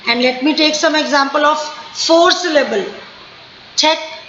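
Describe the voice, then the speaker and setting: A woman with an Indian English accent teaching spoken English, repeating each word slowly several times. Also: sits high, a bit bright, slight background noise. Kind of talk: online spoken English lesson. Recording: echoey room, dull lo-fi sound.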